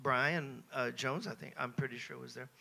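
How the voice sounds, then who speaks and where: An American man in his seventies, a guest at a Q&A on a cruise ship, telling anecdotes in a lively, self-mocking way and chuckling between phrases. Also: mid-range voice, moderate pace, vocal fry. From United States. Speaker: interview guest. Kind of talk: anecdotal Q&A storytelling.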